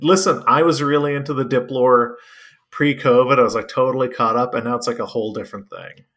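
A man's voice: medium pitch, steady tone, brisk, fairly bright tone. A man co-hosting a casual comedy podcast, playful and giggly, riffing on silly wordplay. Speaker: podcast co-host.

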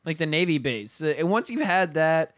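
A man's voice: on the high side, animated, normal speed, a bit bright, no room sound, clean studio sound. A man co-hosting a podcast, chatting casually and teasing the others with sweary jokes. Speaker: podcast co-host. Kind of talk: casual chat.

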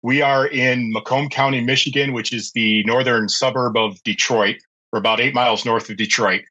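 Forceful, husky middle-aged man. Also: medium pitch, low-quality recording. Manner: chatty, anecdotal, with many fillers and restarts. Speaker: podcast guest, pet care business owner. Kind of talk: casual storytelling interview.

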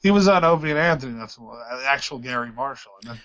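A man's voice: medium pitch, animated, fast, a bit bright. Laid-back male host, dull lo-fi sound. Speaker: podcast host. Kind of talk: casual chat. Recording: dull lo-fi audio.

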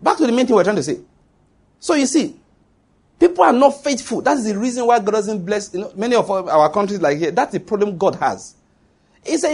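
A man's voice: sits high, lively intonation, fairly quick. A middle-aged Nigerian man, a pastor preaching a sermon with emphasis and quizzing his congregation. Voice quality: husky.

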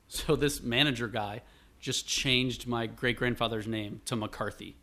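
In an unhurried, mid-range voice, a guest from Buffalo, New York shares a family story. He's lively and wanders a bit in the casual chat, voicing the quotes himself.

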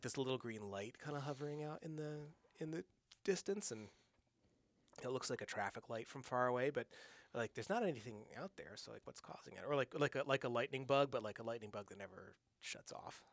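A man's voice: mid-range voice, fairly quick, dry recording. A man, a guest in a studio, telling a long story casually, with many fillers, restarts and quoted voices. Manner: rambling, animated anecdote with many fillers and restarts.

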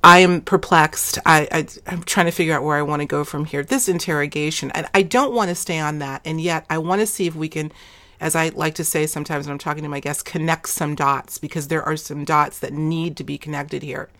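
Low-voiced woman hosting a talk show. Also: fairly even intonation, brisk, sharp tone. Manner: emphatic, addresses the audience directly. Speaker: host.

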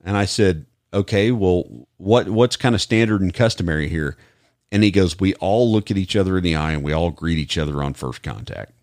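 A man's voice: sits low, lively intonation, a little fast, a little mellow, dry recording, studio quality. A man with an American accent, a police officer on a podcast, telling stories in a rambling, casual way with many restarts. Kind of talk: casual chat, storytelling.

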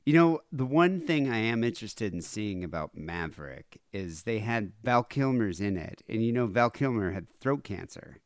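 A lowish male voice that swings widely in pitch, rambling through casual podcast chat with crude jokes. The sound is dry and close, with no room echo. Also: sing-song, normal speed, few pauses. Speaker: podcast co-host.

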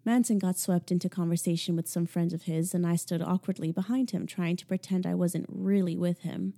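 Casual: young woman reading an audiobook, low mellow voice, hushed and wry. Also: fairly even intonation, fairly quick, creaky. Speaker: audiobook narrator. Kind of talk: first-person audiobook narration.

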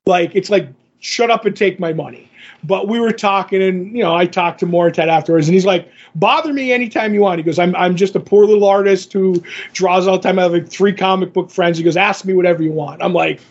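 High, husky-voiced man telling a story. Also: a little fast. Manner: animated, acts out others' lines in the story. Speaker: podcast co-host. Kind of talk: casual storytelling chat. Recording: dull lo-fi podcast audio.

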